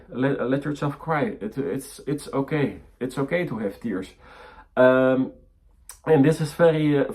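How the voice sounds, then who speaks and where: A man teaching about mediumship, speaking haltingly with many fillers and restarts, in a gentle, encouraging way. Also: mid-range voice. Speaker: spiritual teacher.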